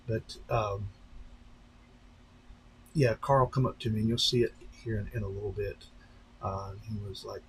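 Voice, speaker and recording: A man hosting a casual live stream, rambling along with many fillers and restarts and slipping into lively voices when he retells a story. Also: on the low side, unhurried, long pauses, background noise. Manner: breaks into animated voices when retelling stories. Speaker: channel host on a live stream.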